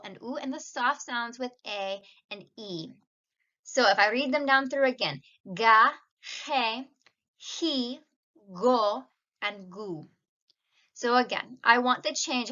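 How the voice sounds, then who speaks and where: Bright-voiced woman teaching Spanish sounds. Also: medium pitch, highs cut off. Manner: explains patiently, slips Spanish words into English. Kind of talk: casual video lesson.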